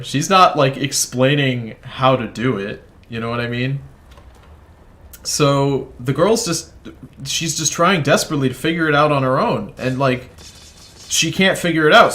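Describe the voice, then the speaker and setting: A man with a medium-pitched, slightly bright voice talks at a moderate pace. As a gaming video creator, he tells a wandering, profane story over gameplay, often cutting in on himself to comment on the game.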